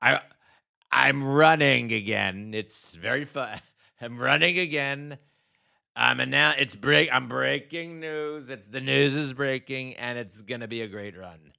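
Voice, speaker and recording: A man's voice: medium pitch, a little slow, gravelly, pushed and bright, clear, resonant tone, pitched above the performer's own voice, heavily acted. A man putting on an impression of a boastful older male politician who drags out self-congratulating lines. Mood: smug.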